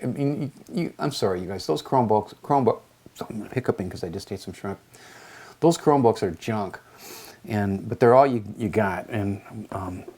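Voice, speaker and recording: A man's voice: lowish voice, a little mellow, husky. A man in his sixties, an English teacher, telling stories to a class in a rambling, digressive way with many fillers. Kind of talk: lecture with a poetry reading.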